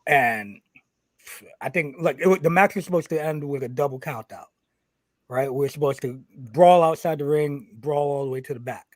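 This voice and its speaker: A man in a casual podcast, telling a wrestling story in a slightly high voice, full of swearing and acted-out exchanges. His voice is close and dry, with no room around it. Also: normal speed, dry recording. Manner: animated, swears constantly, acts out quoted exchanges.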